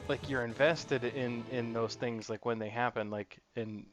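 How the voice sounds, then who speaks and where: A man casually discussing a game on stream, thinking aloud with halting, filler-filled phrasing. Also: medium pitch, steady tone, soft background music. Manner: thoughtful, halting, many fillers. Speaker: co-host streamer. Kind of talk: casual gameplay chat.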